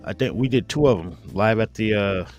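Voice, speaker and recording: A man in his forties, his voice on the low side with a darkish tone and a slightly fast pace, hosts a casual chat. He rambles through a profane story, laughing as he imitates his friends.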